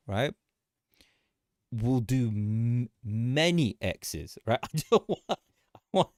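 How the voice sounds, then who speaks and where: A man hosting a casual market commentary livestream, animated and joking, often repeating himself and laughing. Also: lowish voice, no room sound, studio quality. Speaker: livestream host.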